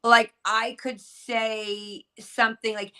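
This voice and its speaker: A woman's voice: on the high side, little pitch movement, takes it slowly, bright, forceful tone, smooth. A woman talking casually as a panelist, emphatic and joking, often repeating words for effect. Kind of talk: casual podcast chat.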